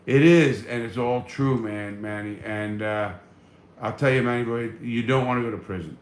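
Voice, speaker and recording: A man's voice: medium pitch, moderate pace, reverberant, a little hiss or hum. A man hosting a casual live stream, reading viewer comments and answering in a blunt, profane, fired-up way.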